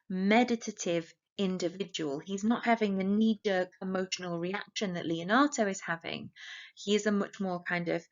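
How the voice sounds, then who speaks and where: An English woman teaching a play for exam revision, explaining steadily and reading the quotations aloud without dramatizing them. Her voice sits at an ordinary middle pitch. The recording is a little dull and lo-fi. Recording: slightly dull lo-fi audio.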